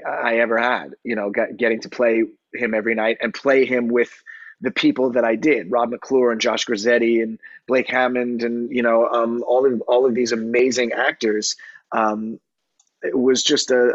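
A middle-aged man speaking as an interview guest, halting and often searching for words. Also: medium pitch, fairly even intonation, fairly bright tone, dry recording. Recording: dull, dry lo-fi sound.

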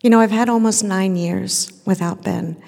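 A middle-aged woman telling a true personal story on stage, earnest and emotional, sometimes dropping to a hush. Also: medium pitch, steady tone, normal speed, gravelly. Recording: long reverb of a large hall.

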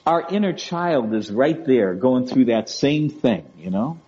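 A man talks gently as an interview guest, in a warm, relaxed voice. He often stumbles over and repeats his words, and he keeps checking in with his listener. The audio sounds dull and lo-fi. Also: medium pitch, unhurried. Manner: gentle, repeats and restarts words, often asks "right?" and "you know?". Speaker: guest speaker on emotional wellbeing. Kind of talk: conversational interview.

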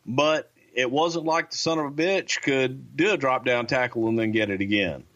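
Gruff, cussing male guest, plain-spoken anecdotes, slightly muffled recording. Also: mid-range voice, moderate pace, fairly bright tone. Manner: blunt, profane, gruff storyteller. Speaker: guest, former wrestling promotion insider. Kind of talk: interview storytelling.

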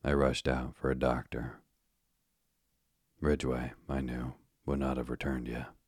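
Casting: calm male sleep-story narrator; deepest bass, flat delivery. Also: husky, no room sound, studio quality. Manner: calm, even and unhurried.

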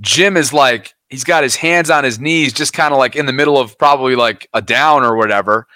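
A young man co-hosting a sports podcast, retelling moments in an animated, play-by-play way. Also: medium pitch, brisk, dry recording. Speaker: podcast co-host. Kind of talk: casual sports chat.

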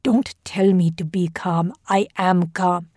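A woman reading the lines of a tense, quick-tempered male school official in an audio drama, speaking clipped and defensive. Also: sits high, fairly even intonation, a little mellow, no echo, clean studio sound. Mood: irritated.

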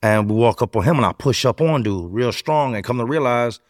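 A man recounting his past in a lively storytelling manner, acting out the voices of the people he quotes. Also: mid-range voice, brisk, no room sound, clean studio sound. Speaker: interview guest.

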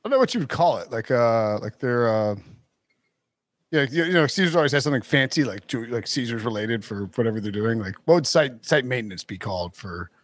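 A man's voice: mid-range voice, lively intonation, a little fast, no echo. A man hosting a casual sports podcast, rambling with lots of fillers and restarts and chuckling as he goes. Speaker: podcast host.

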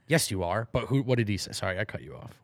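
A man co-hosting a casual sports podcast, teasing and joking through quick banter. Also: lowish voice, gravelly, dry recording, clean studio sound. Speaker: podcast co-host. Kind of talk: casual chat.

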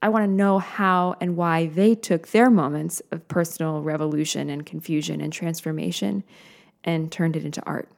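A woman podcast host giving a measured, earnest scripted introduction of her guest. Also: low voice, fairly even intonation, gravelly. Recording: soft music underneath.

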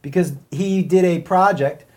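A man's voice: high-pitched, measured pace, a little mellow, a little hiss or hum. A man hosting a live comedy show, playful and teasing as he introduces guests and reads out questions. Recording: live audience audible.

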